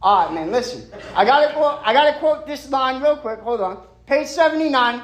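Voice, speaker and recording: A man's voice: extremely high pitch, animated, moderate pace, a bit bright, roomy sound, rough recording. A man sharing at a recovery meeting from a stage. He is emphatic and streetwise, and he keeps dropping "man" and "right".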